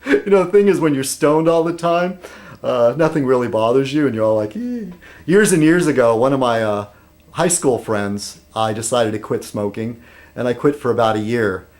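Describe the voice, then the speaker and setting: A man's voice: mid-range voice, normal speed, darkish tone. A man vlogging in a rambling casual monologue, meandering and interrupting himself, with dry humor.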